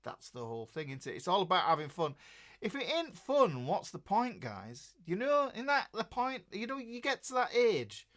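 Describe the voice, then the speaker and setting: A man's voice: high-pitched, huge pitch swings, normal speed, a bit bright. A middle-aged man with a Yorkshire accent, hosting a casual guitar livestream and chatting in a jokey, rambling way. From Yorkshire, England. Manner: jokey, chatty and rambling, greeting viewers by name.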